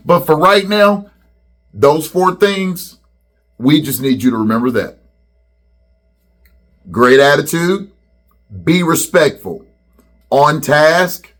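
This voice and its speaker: A middle-aged man, a school principal, addressing students in a welcome video and leading them in call-and-response chants. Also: medium pitch.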